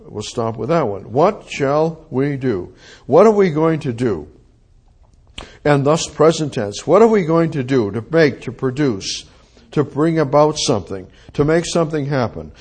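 A man's voice: on the high side, darkish tone, slightly rough. A man preaching, teaching verse by verse through a Bible passage, reading scripture aloud and repeating his points to drive them home.

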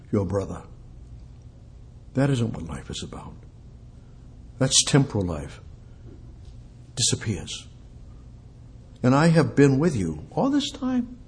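A man preaches an expository sermon, reading scripture aloud as he goes. His delivery rises to loud, emphatic peaks and falls to low, quiet stretches, with slight background noise.

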